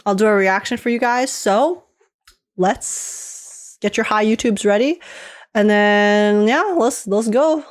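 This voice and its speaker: A woman's voice: mid-range voice, takes it slowly. A woman streaming live, chatting casually with her viewers, laughing often and restarting her phrases as she goes.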